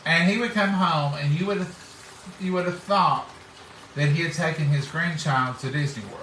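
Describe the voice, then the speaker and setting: A man's voice: a little high, normal speed, pushed and bright, slight background noise. A middle-aged man, telling homespun stories in casual chat and acting out what people said. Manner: folksy, acts out quoted speech. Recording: roomy, distant mic.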